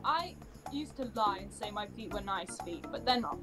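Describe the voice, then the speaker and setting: A young woman on a video call, giggly and oversharing, with loud outbursts. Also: medium pitch, expressive, moderate pace, music in the background. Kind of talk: casual video chat.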